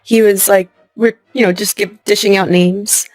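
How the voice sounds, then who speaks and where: A young adult woman telling a personal story as an interview guest, acting out what people said to her with lively voices and laughing often. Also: mid-range voice, moderate pace, no echo, faint music behind. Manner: animated retelling, acting out quoted lines, laughing often.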